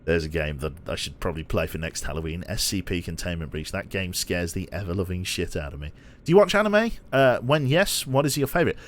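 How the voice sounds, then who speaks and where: A man's voice: deep voice, animated, fairly quick, hardly any pauses, slight background noise. A young British man streaming a train game, chatting playfully and teasing his viewers between yawns. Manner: playful, self-mocking, yawning and laughing at chat. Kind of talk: casual live-stream commentary.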